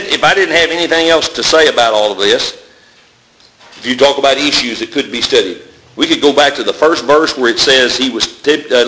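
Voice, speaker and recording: A man's voice: mid-range voice, pushed and bright, slight background noise. A man preaching a sermon, calling his listeners brethren and building long repeated lists, in a church. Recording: echoey room.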